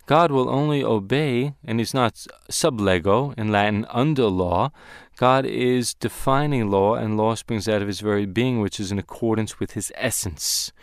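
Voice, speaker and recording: A man teaching a Bible lesson on Hebrew words, speaking deliberately and slowing down to stress key words. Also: fairly low pitch, clear, resonant tone, dry recording, clean studio sound.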